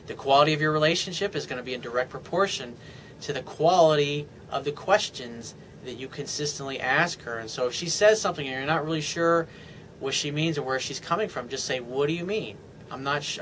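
A man's voice: fairly high pitch, bright, forceful tone, a little hiss or hum. A man giving dating advice as a coach, blunt and emphatic, with casual swearing. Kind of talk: advice monologue to a viewer.

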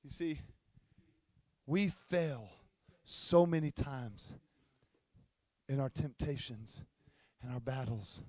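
A male pastor preaching a sermon with fervent, shouting, rhythmically repeated phrases. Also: medium pitch, slow pace, long pauses, dry recording.

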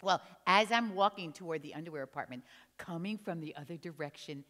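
A woman's voice: lowish voice, brisk. An older woman from New Jersey telling a funny story on stage, chatty and teasing her audience. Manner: animated, chatty, teases the audience. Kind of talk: humorous live storytelling. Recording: long hall reverb.

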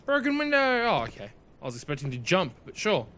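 A man giving casual gameplay commentary, excitable and chatty, talking to himself and his viewers as he plays. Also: high voice, brisk, a little hiss or hum. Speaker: let's play host.

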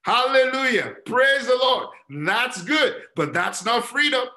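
Male pastor, sermon, high voice, emphatic, repeats refrains, rhetorical questions. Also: very animated, takes it slowly, sharp tone.

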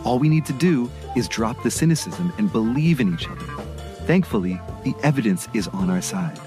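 A man co-hosts a podcast in scripted narration, speaking in a measured and earnest way at a middling pitch. Music plays clearly underneath. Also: lively intonation. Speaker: podcast co-host.

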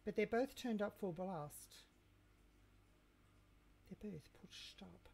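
A woman's voice: medium pitch, slow pace, vocal fry, a little mellow. A woman chatting casually to her viewers while cooking in her home kitchen, talking to herself and joking with mock threats. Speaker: cooking livestreamer. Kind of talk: casual live-stream chat while cooking.

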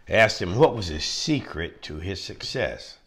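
Emphatic preaching man, lively pitch. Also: a little slow. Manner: emphatic, repetitive preaching with rising peaks. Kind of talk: sermon.

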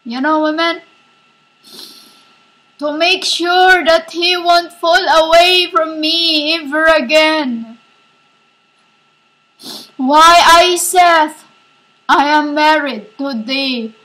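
A woman with a high, bright voice delivers a rambling spiritual monologue. She speaks slowly and haltingly, repeating herself and breaking off to address her listeners as women. She sounds like a self-styled preacher. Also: poor audio.

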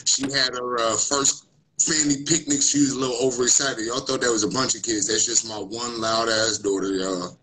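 A man's voice: medium pitch, steady tone, moderate pace, bright, forceful tone, slight background noise, low-quality recording. A middle-aged man, a guest author, talking in an easygoing, slangy way in a casual interview.

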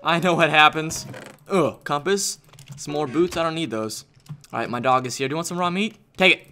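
A man giving excitable live commentary on his own gameplay, talking to his dog and his viewers. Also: on the high side, moderate pace, a little hiss or hum. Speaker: gaming YouTuber.

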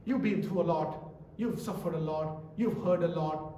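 A man's voice: on the high side, moderate pace, warm tone, slight background noise. A man preaching a sermon in a church, emphatic and repetitive, quizzing the congregation as he goes. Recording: echoey church from a distance.

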